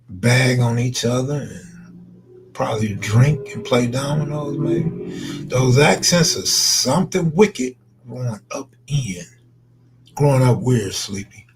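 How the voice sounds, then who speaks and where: A man's voice: mid-range voice, slow pace, creaky, a little hiss or hum. A man chatting loosely on a late-night live stream, answering viewers in slangy, laid-back talk that trails into mumbles.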